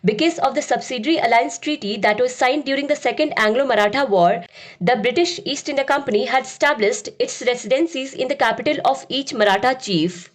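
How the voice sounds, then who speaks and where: High-voiced woman narrating a history lesson. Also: fairly quick. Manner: steady, explanatory lecturing. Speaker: history teacher. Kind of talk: scripted educational narration.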